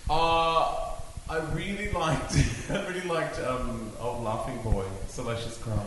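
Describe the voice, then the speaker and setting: A man in his forties, a guest on a podcast, chatting casually with bursts of loud laughter. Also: fairly high pitch, steady tone, unhurried. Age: 40s. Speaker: guest, former radio presenter. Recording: echoey with noise behind.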